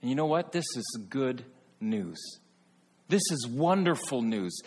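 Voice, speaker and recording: A man preaching a sermon in an earnest way, rising to emphatic peaks and then dropping soft. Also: mid-range voice, animated, a little slow, slightly rough, in a large hall. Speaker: pastor.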